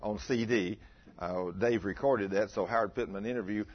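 Husky preacher in his fifties. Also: fairly low pitch, moderate pace. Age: 50s. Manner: animated, acts out dialogue, laughs with listeners. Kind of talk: storytelling sermon. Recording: dull lo-fi recording.

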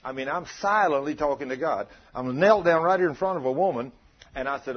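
A man's voice: fairly high pitch, fairly quick, breathy edge, muffled recording. A man preaching a testimony sermon in a folksy, dramatic storytelling way. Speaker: lay preacher.

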